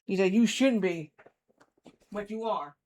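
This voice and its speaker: High-voiced man rambling through a story. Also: a little slow, a little mellow. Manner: rambling, repeats himself, acts out quotes. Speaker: streamer. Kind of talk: casual storytelling while gaming.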